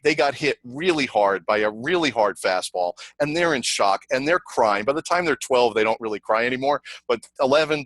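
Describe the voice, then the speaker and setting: A middle-aged man presenting a sales training over a video call, energetic and conversational, repeating himself and telling stories. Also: mid-range voice, no echo, poor audio. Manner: energetic, repetitive, conversational teaching with anecdotes. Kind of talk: online webinar presentation.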